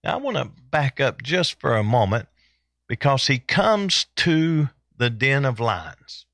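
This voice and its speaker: A male preacher delivering a sermon at an unhurried pace. He leans on repetition to drive his points home. The recording is dry, with little room sound. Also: medium pitch, very animated, fairly bright tone, dry recording. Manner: deliberate, repeats phrases for emphasis.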